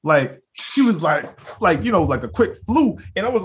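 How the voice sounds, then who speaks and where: A man's voice: high-pitched, moderate pace. A young man co-hosting a casual podcast, telling a story with lots of swearing and laughter and acting out the other people's lines. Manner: animated storyteller, acts out quotes, laughs, swears freely. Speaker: podcast co-host.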